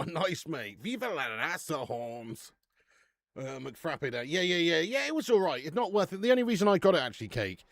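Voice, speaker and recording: A man's voice: mid-range voice, dry recording. A man hosting a casual football watch-along stream, chatting with the live chat and swearing casually.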